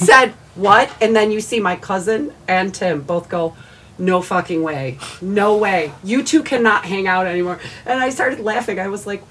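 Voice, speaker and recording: A woman's voice: medium pitch, moderate pace, fairly bright tone, a little hiss or hum. A woman co-hosting a podcast, telling a story in casual chat, laughing, swearing and quoting others. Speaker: podcast co-host.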